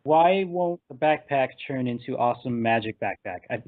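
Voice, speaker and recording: A man's voice: mid-range voice, lively intonation, moderate pace. Rambling man on a tinny line. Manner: rambling scene-by-scene retelling, laughing at his own jokes. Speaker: podcast host. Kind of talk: casual movie discussion.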